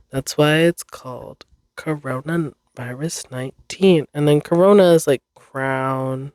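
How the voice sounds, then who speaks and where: A young woman talks through her solo podcast at an unhurried, drawn-out pace, losing her thread and apologizing for it. She sounds close and dry, with no room echo around her voice. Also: sits low, darkish tone. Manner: rambling, self-deprecating, swears and laughs often. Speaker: podcast host. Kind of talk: casual solo chat.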